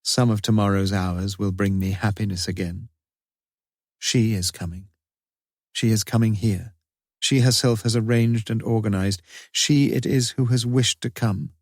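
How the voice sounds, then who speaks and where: A man's voice: fairly low pitch, steady tone, measured pace, darkish tone, no room sound, studio quality. A man reading a grieving father's confessional diary in a solemn, despairing, theatrical way.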